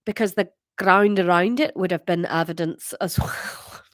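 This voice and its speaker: A woman voicing a brisk female Scottish police officer in a wobbly, self-conscious put-on Scottish accent. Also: lowish voice, no room sound, clean studio sound, close to an everyday voice. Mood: explaining. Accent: attempted Scottish.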